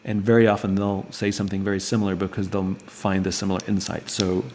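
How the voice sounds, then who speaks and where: A man hosting an online book club, answering viewers' questions live and thinking out loud with frequent restarts and acted-out bits of dialogue. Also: low-pitched, flat delivery, quick pace, slight background noise. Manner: acts out both sides of dialogues in raised voices.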